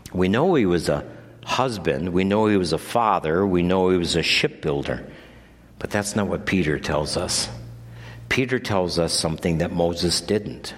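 A man preaching in a church sanctuary, his low voice swinging widely in pitch as he teaches slowly and then presses his point hard. A long reverb trails every phrase. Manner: builds from low measured teaching to loud, high-pitched preaching. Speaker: pastor. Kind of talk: sermon.

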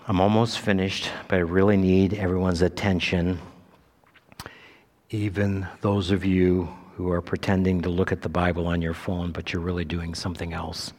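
A man's voice: flat delivery, normal speed, darkish tone. Emphatic man preaching in a reverberant church. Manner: emphatic preaching, climbing high on Scripture quotes. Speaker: pastor. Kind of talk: sermon. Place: church sanctuary.

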